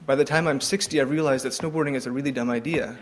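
Brief: young adult man, mid-range voice, unscripted faith talk, halting delivery full of ums and self-corrections. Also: medium pitch, steady tone, noisy background. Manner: hesitant, frequent ums and restarts. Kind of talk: informal devotional talk.

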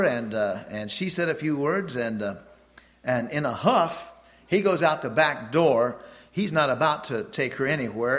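Male preacher, slightly high voice, homespun storyteller, loose delivery with fillers and restarts. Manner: chuckles at his own stories. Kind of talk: sermon.

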